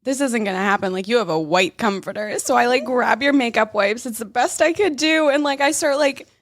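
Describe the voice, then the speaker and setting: A woman's voice: a little high, fairly quick, no echo, studio quality. A young woman co-hosting a casual podcast, retelling events in a loose way full of fillers. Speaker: podcast co-host. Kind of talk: casual chat.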